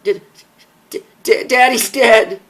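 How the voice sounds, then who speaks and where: A man's voice: high voice, fast, pitched above the performer's own voice, lightly acted. A man reading a story, voicing a young woman who chatters happily and then breaks down screaming in grief. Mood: hysterical grief.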